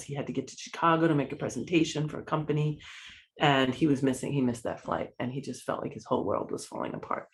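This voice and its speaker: A woman recounts a personal story as a podcast guest, earnest and visibly moved. She brings the dialogue to life as she tells it. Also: sits low. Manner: earnest, emotional, lively retelling with quoted dialogue.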